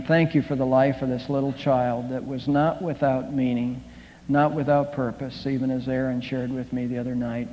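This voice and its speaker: A man preaching a sermon as the pastor, praying earnestly and telling a story, often halting and restarting his words. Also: mid-range voice. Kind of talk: sermon with prayer. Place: church sanctuary. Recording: dull sound in a reverberant hall.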